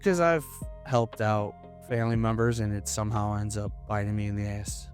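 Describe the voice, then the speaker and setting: A young man from Florida, a comedian guest in a casual interview, talking in a hesitant, halting way with many restarts. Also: fairly low pitch, steady tone, faint music behind. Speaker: podcast guest, stand-up comedian.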